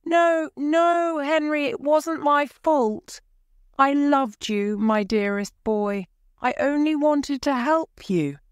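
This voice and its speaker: A woman reading an audiobook voices a frightened, guilty woman in her seventies, pleading in a high, strained voice. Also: very animated, takes it slowly, dry recording, studio quality. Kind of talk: audiobook character voice.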